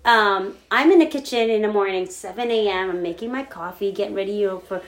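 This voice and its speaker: A woman's voice: mid-range voice, fairly quick. A woman co-hosting a casual podcast, telling a story with lots of swearing and acting out her own panic. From lives in Hawaii. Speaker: podcast co-host. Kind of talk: casual chat.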